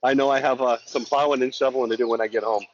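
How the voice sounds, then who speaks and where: A middle-aged man from Montana speaks at a middle pitch in a sincere, casual chat, often repeating himself as he gathers his thoughts. His voice comes through a slightly dull call line with faint background noise. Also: steady tone, rapid-fire. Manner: earnest, repeats words as he talks. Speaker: guest, law enforcement officer. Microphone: remote call-in.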